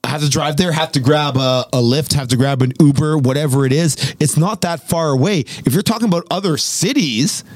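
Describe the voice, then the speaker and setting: A man's voice: fairly high pitch, brisk, few pauses, no echo. A man from Winnipeg arguing his side in a casual debate, pressing his points with rising emphasis. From Winnipeg, Canada.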